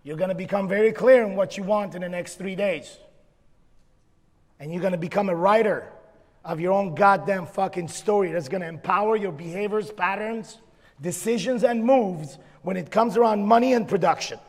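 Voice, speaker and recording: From the stage of a large event hall, a man leads a motivational seminar, barking blunt, profane, drill-like commands. His voice is high and his speed normal. The echoey recording picks up a live audience.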